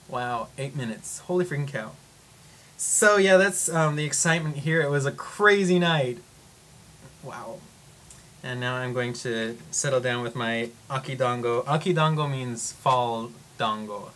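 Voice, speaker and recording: A young man vlogging, telling a story in a casual, animated way, full of fillers and acted-out gasps. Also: mid-range voice, slight background noise. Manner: animated, acts out gasps and quotes, lots of fillers.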